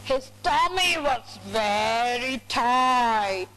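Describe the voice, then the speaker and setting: A woman coaching storytelling, telling a tale in a drawn-out, theatrical way. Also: a little high, expressive, fairly bright tone, slight background noise, rough recording. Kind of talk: storytelling demonstration.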